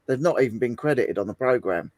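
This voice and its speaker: A man's voice: medium pitch, expressive, quick pace, a little mellow, no echo. A man, a guest on a casual live chat, talking in an earnest, emphatic way that repeats itself.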